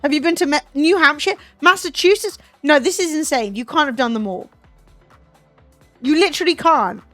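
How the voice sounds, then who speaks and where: A woman's voice: high voice, normal speed, a bit bright, dry recording. A British woman streamer chatting casually, teasing and incredulous, swearing freely. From Britain. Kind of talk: casual chat with a guest. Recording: dry close mic, faint music behind.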